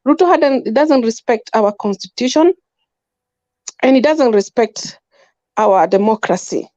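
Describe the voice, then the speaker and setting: A woman with a Kenyan accent speaks with fervent, repetitive emphasis. Her voice sits high, and it is captured close and dry. The audio is dull and lo-fi. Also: lively intonation, measured pace, warm tone, dry recording. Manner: emphatic, repetitive, mixes in Swahili. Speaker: panel guest. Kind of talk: impassioned political opinion.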